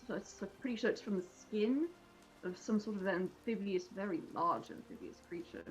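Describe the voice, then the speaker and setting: A woman's voice: medium pitch, moderate pace, slight background noise, poor audio. A woman playing a tabletop game who reasons aloud in a matter-of-fact way. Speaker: player. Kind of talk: casual tabletop role-play.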